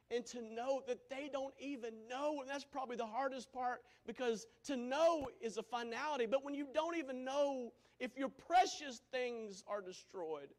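A high-pitched male preacher delivering a sermon. He swings from loud, emphatic preaching to hushed lines that drop almost to a whisper.

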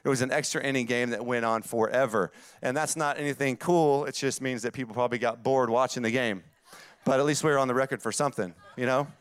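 A man's voice: mid-range voice, steady tone, fast, clear, resonant tone, no echo. A man in his forties with a Southern accent, preaching a sermon with emphatic, repeated phrases that build up. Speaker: pastor.

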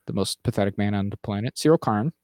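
A man co-hosting a casual podcast, rambling through recaps with fillers and restarts, dropping into quick mimicked lines. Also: fairly low pitch, a little mellow, dry recording, clean studio sound. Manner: mimics characters in quick acted asides. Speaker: podcast co-host. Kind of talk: casual chat.

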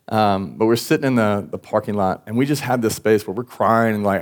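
A man's voice: on the low side, moderate pace. Conversational young preacher man. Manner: conversational, frequent "like" and "um", sighs. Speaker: worship pastor. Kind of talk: sermon storytelling. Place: church service.

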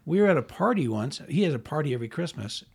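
A man's voice: on the high side, very animated, quick pace, vocal fry, slightly rough. A man hosting a casual interview, chatting freely and offering his own opinions. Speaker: host.

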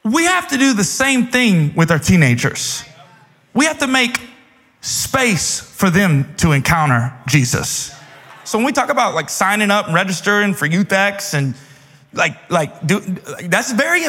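High, bright-voiced youth pastor preaching. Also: male voice, very animated, a little slow, breathy edge, in a large hall. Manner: casual, playful preaching with slang asides. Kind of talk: sermon.

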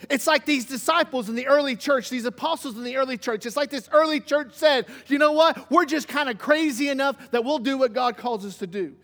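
High-voiced preacher in a reverberant hall. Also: male voice, a little fast, few pauses. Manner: animated, swings from loud emphasis to hushed. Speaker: pastor. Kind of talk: sermon.

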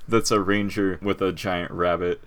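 Laid-back man, low voice. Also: little pitch movement, normal speed, fairly bright tone, clean tone. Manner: rambling, laughs often, many fillers. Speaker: podcast co-host. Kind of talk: casual chat about tabletop game characters.

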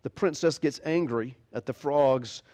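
A man's voice: mid-range voice, a little slow, darkish tone. A man preaching a sermon as pastor, animatedly retelling a fairy tale. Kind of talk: sermon storytelling.

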